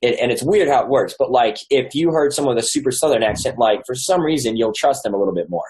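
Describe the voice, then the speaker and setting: A man's voice: medium pitch, animated, quick pace, a little mellow, poor audio. A man, an author being interviewed, telling a story casually with lots of fillers and restarts. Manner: rambling with many likes and restarts. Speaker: author and guest.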